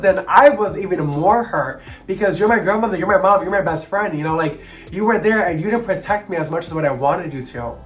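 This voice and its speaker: A young man telling a painful personal story to camera in an earnest, halting way with many pauses and restarts. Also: high voice, a bit bright. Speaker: vlogger.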